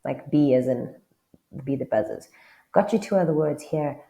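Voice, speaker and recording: A woman's voice: sits low, animated, moderate pace, creaky, dark tone, reverberant. A South African woman with a South African English accent, teaching a casual online language lesson and often checking in with the viewer.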